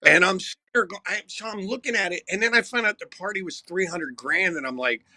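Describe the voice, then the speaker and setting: Bright, animated rock singer telling stories. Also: male voice, sits high, quick pace, no room sound. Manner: animated, profane, wry anecdotes. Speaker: rock singer, podcast guest. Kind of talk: casual storytelling.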